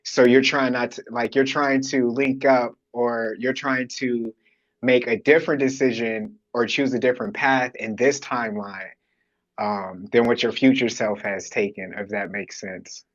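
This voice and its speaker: Male guest, rambling and searching, mid pitch, dull remote sound. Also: steady tone, measured pace. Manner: rambling, thinks aloud with fillers. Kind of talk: casual live chat.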